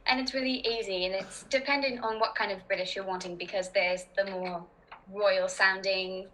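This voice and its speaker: Bright-voiced giggly woman chatting. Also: mid-range voice, steady tone, a little fast, low-quality recording. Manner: giggly, rambling, laughs often. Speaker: podcast guest. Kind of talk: casual chat.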